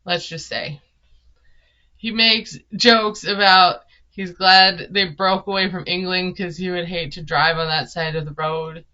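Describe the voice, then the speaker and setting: With a fairly low, steady voice and an unhurried pace, a Minnesota vlogger delivers a chatty, sarcastic reality-show recap, laughing frequently. Her tone is sharp, while the audio sounds dull.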